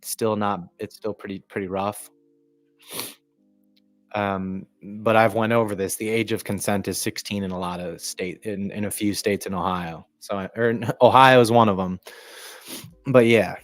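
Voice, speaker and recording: A man hosting a sports live stream, talking in a casual, rambling, profane way and often clearing his throat. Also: lowish voice, fairly even intonation, normal speed, dry recording, soft background music. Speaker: livestream sports commentator.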